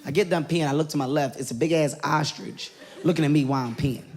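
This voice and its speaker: A man telling a stand-up comedy story, animated and loud, often laughing as he talks, recorded at a live show. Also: on the high side, fast talker. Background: loud audience laughter and noise.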